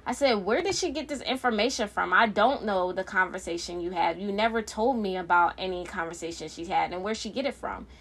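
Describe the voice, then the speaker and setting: A woman's voice: mid-range voice, fairly quick, hardly any pauses. A woman, a mother, telling a casual storytime about a family conflict, heated and profane, often repeating what she said. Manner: heated, profane, repeats "I said" while quoting herself.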